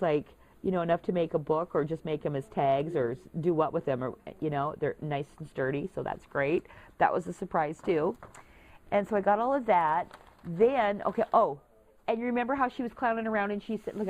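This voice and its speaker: A woman's voice: lowish voice, brisk, a little mellow. A woman vlogging casually, chatty and gushing as she shows off craft supplies to her viewers. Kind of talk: casual show-and-tell vlog.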